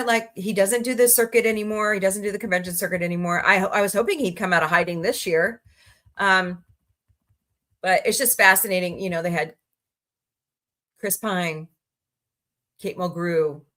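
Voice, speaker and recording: Woman livestream host, casual, rambling, quick to laugh, home desk mic. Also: fairly bright tone. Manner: chatty, rambling, reads chat aloud and greets viewers; laughs easily, voices reactions with sudden high squeals.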